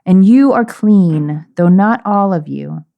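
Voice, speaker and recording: A woman reading a calm teacher's lines aloud from scripture, slightly lower and measured. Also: creaky, phone-quality sound, full character voice. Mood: solemn.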